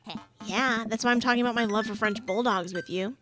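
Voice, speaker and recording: A woman voicing a sarcastic, playful teenage girl in a game, with teasing deadpan quips. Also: fairly high pitch, brisk, faint music behind, close to an everyday voice. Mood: sheepish. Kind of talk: reading game dialogue aloud.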